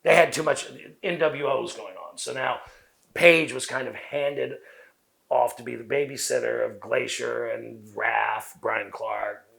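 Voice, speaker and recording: A man with a Southern US accent, a guest in an interview, telling long profane stories full of quoted dialogue at a rapid clip. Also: medium pitch, steady tone, creaky, fairly bright tone. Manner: fast talker. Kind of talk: casual interview storytelling.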